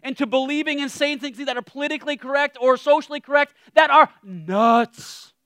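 A man preaching a casual, humorous sermon, animated, with self-deprecating asides that trail off quietly. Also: very high voice, fast talker, no room sound.

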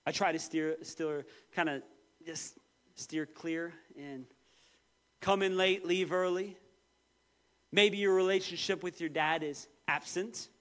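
A man in his thirties preaching a sermon, telling personal stories with lively, acted-out quotes. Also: unhurried. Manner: animated storytelling, quoting voices with big pitch jumps. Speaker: pastor.

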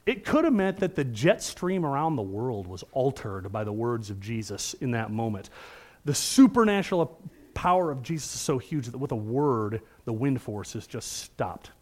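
A man's voice: mid-range voice, very animated, normal speed, a little mellow. Man preaching, middle-aged, earnest, conversational, asks the room questions. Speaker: pastor. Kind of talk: sermon.

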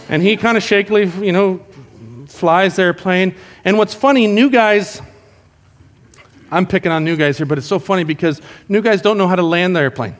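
A man preaching a sermon, telling stories in an animated way and acting out the people in them. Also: sits high, brisk. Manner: animated storytelling, acts out prayers. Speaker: pastor.

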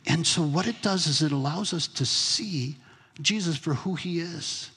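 Husky-voiced man preaching in a reverberant hall. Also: fairly high pitch, measured pace, fairly bright tone. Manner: conversational preaching, asks the congregation questions. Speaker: pastor. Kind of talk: sermon. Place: church sanctuary.

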